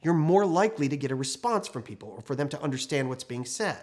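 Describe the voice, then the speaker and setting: A man's voice: on the high side, expressive, fast, a little mellow. A man working as a training consultant, telling a workplace case study in a conversational, anecdotal way. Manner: conversational anecdotal, acts out quoted people. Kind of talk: storytelling case study talk.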